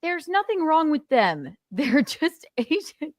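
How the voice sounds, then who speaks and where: A woman's voice: high voice, sing-song, takes it slowly, no room sound. A woman co-hosting a casual reaction chat, sarcastic and outspoken, with swearing. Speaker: co-host.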